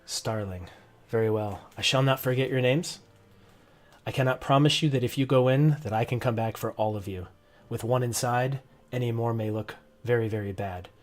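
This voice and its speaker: A man's voice: mid-range voice, normal speed. A man narrating as game master for a tabletop game, hesitant with restarts. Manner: hesitant, many restarts and ums.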